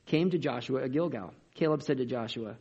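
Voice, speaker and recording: Husky, energetic male preacher. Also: mid-range voice, brisk. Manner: energetic, conversational, rhetorical questions. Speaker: pastor. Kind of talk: sermon. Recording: dull lo-fi recording.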